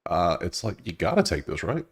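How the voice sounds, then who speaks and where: A man hosting a sports betting video, talking casually and thinking out loud as he goes through the numbers, now and then addressing the players directly. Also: deep voice, big pitch swings, a little fast, husky. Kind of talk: casual solo commentary.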